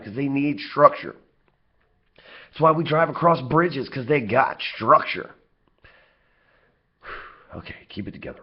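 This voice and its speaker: Blunt Southern man coaching sales. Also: on the high side. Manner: blunt, profane, self-mocking asides. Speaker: sales trainer. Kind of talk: casual sales training talk. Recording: slightly dull lo-fi audio.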